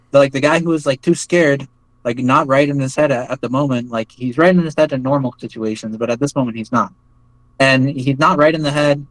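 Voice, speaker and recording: A young man with a slightly high voice tells a long story in a casual interview. He rambles with many fillers and acts out what others said. The sound is dry and close. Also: a bit bright, no echo, rough recording. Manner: rambling, filler-heavy retelling with acted-out quotes. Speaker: interview guest, former foreign volunteer soldier.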